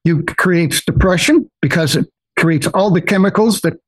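An older man telling personal stories as a guest in an interview, animated and often acting out the voices of others. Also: high-pitched, moderate pace, breathy edge, no room sound, rough recording. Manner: animated, acts out quoted voices, many restarts. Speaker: guest investor. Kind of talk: personal storytelling in a podcast interview.

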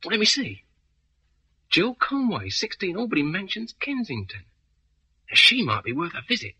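An eager young sidekick in an old radio play, bright slightly husky voice, lively. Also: male voice, high voice, normal speed, dull audio, full character voice. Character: eager young male detective's assistant. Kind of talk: vintage radio drama acting.

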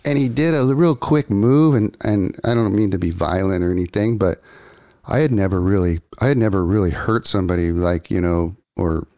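An older man, a guest, telling a story in a casual, animated way, full of surfer slang and acted-out quotes. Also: low voice, moderate pace.

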